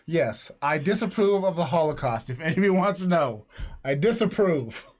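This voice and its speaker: A man's voice: a little high, animated, fairly quick, a little mellow. A man co-hosting a podcast, rambling through crude jokes in casual chat. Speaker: podcast co-host.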